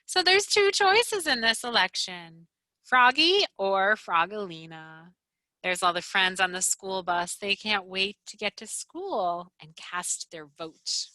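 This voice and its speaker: A woman librarian reads a picture book aloud to children, gasping and asking them questions. Her voice is bright and swoops widely, and her pace is slow and clear. The sound is dry and close. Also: mid-range voice, no echo. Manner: animated, with gasps and questions to children. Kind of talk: children's storytime read-aloud.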